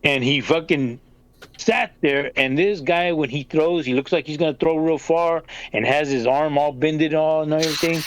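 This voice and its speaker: A man's voice: a little high, moderate pace, a little hiss or hum. Older man telling a rowdy story. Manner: animated, swearing, laughing through the story. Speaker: storyteller on a family podcast. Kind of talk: casual storytelling chat.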